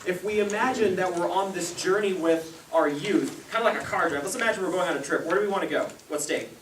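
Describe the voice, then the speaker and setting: A young man presents a parenting seminar to a live audience in a meeting room, telling stories, laughing often, and acting out the people he quotes. His voice sits high and a bit bright, and he talks fast. The recording is echoey, with a distant mic and faint hiss.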